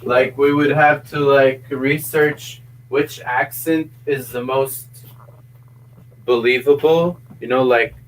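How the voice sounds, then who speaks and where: A man's voice: medium pitch, steady tone, takes it slowly, a little hiss or hum, poor audio. A man co-hosting a casual stream, rambling and joking through his ideas. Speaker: co-host.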